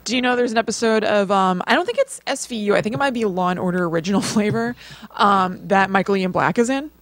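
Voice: mid-range voice, fast, a bit bright, no echo. Easygoing podcast co-host chiming in. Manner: frequent short agreeing replies, chatty asides. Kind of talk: casual chat.

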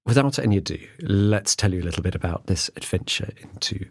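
A man hosts a podcast from a studio, talking in a loose, chatty way with jokes and restarts. His voice sits low and has a husky edge. The sound is close and dry. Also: expressive, fast talker, no echo. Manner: chatty, jokey, rambling with restarts. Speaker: podcast host. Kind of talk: casual chat.

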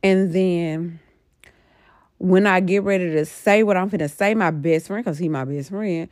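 Slow, low-voiced middle-aged woman rambling. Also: darkish tone, no echo, studio quality. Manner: rambling, emphatic, lots of fillers. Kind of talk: casual storytelling about a dream.

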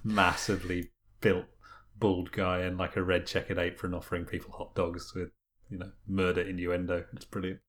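A man with a low voice trading dry jokes in a relaxed games chat. His remarks come across wry and understated. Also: moderate pace, hardly any pauses. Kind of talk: casual chat about video games.

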